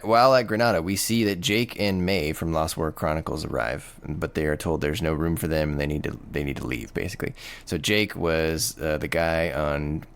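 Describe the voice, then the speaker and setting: A man's voice: a bass voice, normal speed, vocal fry, hardly any pauses, smooth. A man co-hosting a casual podcast, recapping the story in an enthusiastic, rambling way and laughing often. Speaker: podcast co-host.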